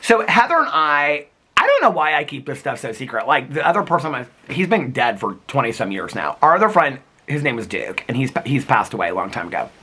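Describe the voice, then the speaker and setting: A man chats to his vlog audience, rambling through a story with constant fillers and easy laughter. His voice swoops lively up and down and has a bright, slightly husky tone. It sounds recorded casually outdoors. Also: medium pitch, brisk. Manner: chatty and rambling, many fillers, frequent laughter, squeals. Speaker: vlogger.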